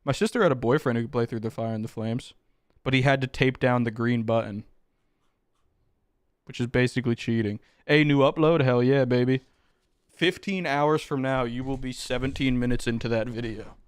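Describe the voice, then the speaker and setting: A man's voice: mid-range voice, fairly quick, no room sound, studio quality. A man streaming live, chatting casually with his chat, joking and swearing as he reacts. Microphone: close desk mic with headphones.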